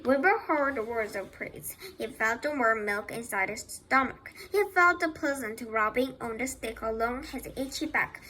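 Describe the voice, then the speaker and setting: A woman's voice: a little high, pushed and bright, poor audio. A woman reading a children's novel aloud, with slips that she corrects as she goes. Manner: reads slowly with slips and self-corrections. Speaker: reader.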